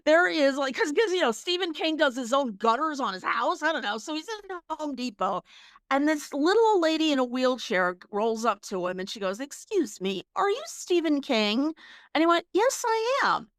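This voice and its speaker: Brisk and expressive, this high-voiced woman sounds a bit bright as she co-hosts a podcast. She chats casually and tells stories, laughing often and restarting herself, with plenty of fillers. The sound is clean studio quality, free of echo.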